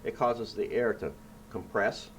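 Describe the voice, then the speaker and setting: A man with a fairly low voice teaches children about science in a relaxed, playful tone. He keeps checking in with a quick "right?" as he explains. A faint hiss of background noise sits under him. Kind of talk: casual classroom explanation. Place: indoor room.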